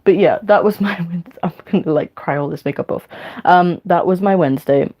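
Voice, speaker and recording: A woman's voice: on the low side, normal speed, lo-fi sound. A young woman, chatting casually and rambling while doing her makeup on a livestream, swearing freely. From England. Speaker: livestreamer and teacher.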